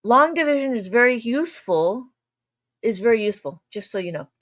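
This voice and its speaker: Woman, livestream abacus tutor, slightly high voice, chatty and quick to laugh. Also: lively intonation, a bit bright. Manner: chatty, laughs often, talks fast, tries to slow down. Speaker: abacus math teacher. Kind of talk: livestream math lesson.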